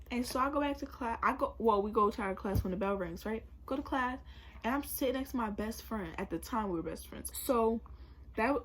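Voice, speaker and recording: A young woman vlogger telling a story casually and animatedly, acting out both sides of a conversation with loud bursts. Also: a little high, breathy edge.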